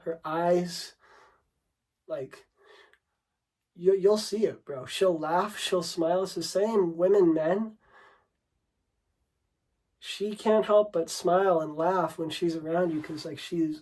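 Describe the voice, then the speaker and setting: A man's voice: fairly high pitch, a little mellow, husky, poor audio. A man coaching on dating, talking unscripted to the camera in a brash, swearing, rambling way, and calling the listener bro and dude.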